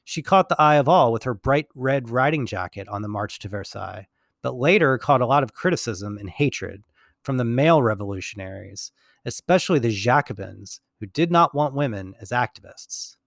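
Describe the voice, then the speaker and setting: A man giving a recorded history lecture in a relaxed, wry way, correcting himself and adding small jokes as he goes. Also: medium pitch, moderate pace, creaky, no echo, clean studio sound.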